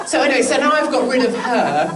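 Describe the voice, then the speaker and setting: A woman's voice: high voice, very animated, fast talker. A woman with a British accent gives a chatty, joking speech to a live audience. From England. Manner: chatty, joking asides, acted quotes. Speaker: political speaker. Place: large indoor venue with an audience. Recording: echoey room from far off, crowd noise.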